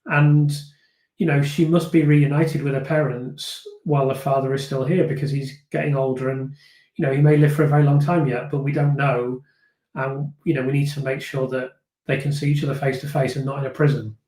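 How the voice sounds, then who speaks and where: A man's voice: mid-range voice, little pitch movement, fairly quick, darkish tone. A man hosting a live stream, chatting casually and thoughtfully as he reads viewer comments, with frequent fillers and restarts. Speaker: host of a live viewer discussion. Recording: echoey room.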